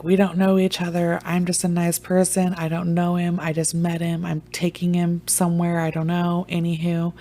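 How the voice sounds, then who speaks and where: Young woman vlogger, low mellow voice, animated and profane storyteller. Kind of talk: casual storytelling.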